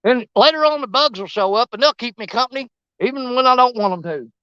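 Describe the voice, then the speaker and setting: Fishing vlogger, high bright voice, loose folksy rambling, dull lo-fi outdoor sound. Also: male voice, lively intonation, quick pace, clear, resonant tone, dry recording. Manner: joking, rambling, laughs often, folksy. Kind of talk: casual fishing vlog monologue. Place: outdoors on a riverbank.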